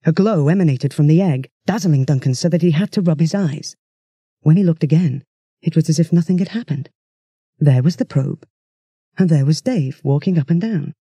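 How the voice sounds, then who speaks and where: Man, children's audiobook narrator, mellow dark tone, husky, dry close sound. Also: a little high, no room sound. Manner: steady storytelling that shifts into character voices.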